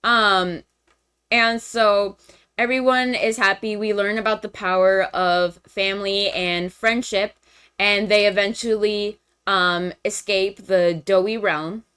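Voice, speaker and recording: A woman's voice: mid-range voice, fairly even intonation, slow pace, fairly bright tone, smooth. A young woman streamer casually recapping a movie plot for friends, chatty and full of fillers and slang.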